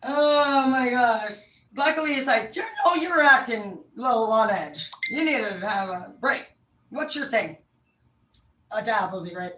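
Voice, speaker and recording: A woman's voice: fairly high pitch, lively intonation, normal speed, bright, forceful tone. A woman telling a long story in a blunt, rambling, profane casual chat. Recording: echoey room, mic at a distance.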